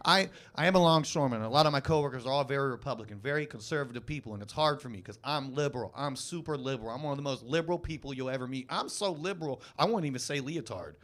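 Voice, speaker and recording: A man in his twenties hosting a live stand-up comedy show on a club stage, doing self-mocking, deadpan crowd work into a handheld mic. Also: mid-range voice, fast, few pauses. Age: 20s.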